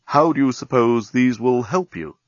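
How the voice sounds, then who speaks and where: A man voicing a smug male alien navigational officer who speaks slowly and deliberately, in a storybook reading. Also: mid-range voice, expressive, dry recording, natural voice. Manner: slow, deliberate and superior. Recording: dull lo-fi recording.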